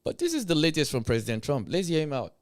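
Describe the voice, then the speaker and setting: A man's voice: on the high side, huge pitch swings, quick pace. A man streaming live, hosting a blunt, profane commentary rant with emphatic delivery.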